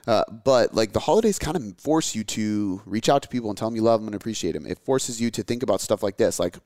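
A man's voice: lowish voice, expressive, fast talker, few pauses, a little mellow, dry recording, studio quality. A man in his thirties chatting casually as a podcast host, rambling and candid, swearing often with lots of fillers. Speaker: podcast host answering listener questions. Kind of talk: casual chat.

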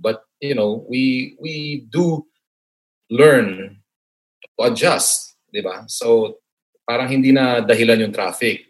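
A man's voice: medium pitch, low-quality recording. Male interviewer, Filipino accent, friendly and chatty, mid-range voice. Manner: affable, mixes in Tagalog tags. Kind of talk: conversational interview.

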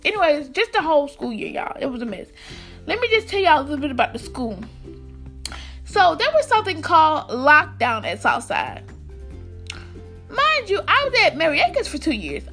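A young American woman tells a school story straight to her viewers in a casual, rambling way. Her voice sits high and she keeps restarting her sentences. Faint music plays underneath. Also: normal speed. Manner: rambling, animated, many fillers and restarts. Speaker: vlogger.

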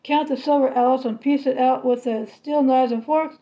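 A bustling farm mother, fussy and commanding, put on by a woman reading aloud. Her high voice rattles off scolding orders in a hurry. The recording sounds slightly dull and lo-fi. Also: fairly even intonation, moderate pace, natural voice. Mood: fussing.

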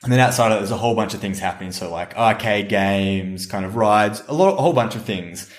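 An Australian man co-hosting a podcast, telling a travel story in a relaxed, rambling way. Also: lowish voice, fast. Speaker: podcast co-host. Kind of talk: casual chat, storytelling. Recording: roomy echo.

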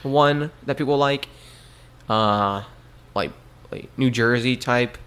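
A young man from the American South talking with a friend in a relaxed, casual way. He hesitates often and searches for words as he goes. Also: mid-range voice, slow pace, smooth. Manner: easygoing, hesitant, many fillers. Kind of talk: casual chat.

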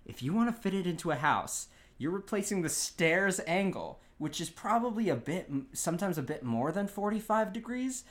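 A man's voice: high-pitched, big pitch swings, normal speed, few pauses. Giggly man spinning silly hypotheticals. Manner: giggly, tells absurd hypotheticals. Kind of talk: casual comedic chat.

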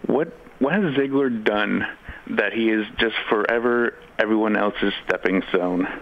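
Man, caller, polite, hesitant, low-pitched, lo-fi phone sound. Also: measured pace. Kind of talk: calling in to a radio show. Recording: lo-fi phone line.

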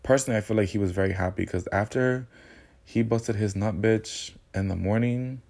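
A man's voice: lowish voice, moderate pace, gravelly, darkish tone. A man hosting a podcast, telling a personal story in a sassy, candid and slangy casual monologue. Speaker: podcast host.

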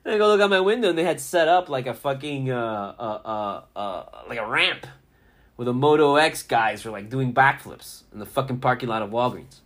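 A man's voice: medium pitch, normal speed. A man in his thirties hosting a casual sports talk show, rambling through stories with lots of swearing. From Miami area. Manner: profane, rambling, animated storyteller. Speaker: podcast host. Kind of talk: casual sports chat and storytelling.

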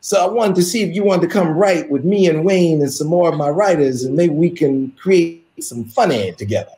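A man doing an impression of a bragging famous male comedian on the phone, with a slow, emphatic swagger. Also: a little high, animated, mellow, voice pushed up, natural voice. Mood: cocky, friendly. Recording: roomy echo.

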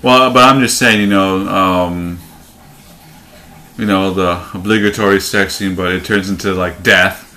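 A man's voice: low-pitched, a little slow. A man chatting casually about a movie, acting out scenes in different voices. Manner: animated, acts out scenes in voices. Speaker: movie reviewer.

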